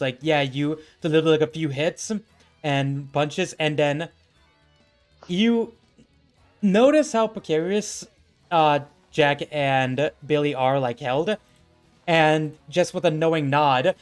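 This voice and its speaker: A young game master describes the action of a tabletop game, pausing often on "uh" and "like" while picturing each move. The pitch sits in a middle range, and faint music plays behind. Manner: hesitant, full of "like" and "uh".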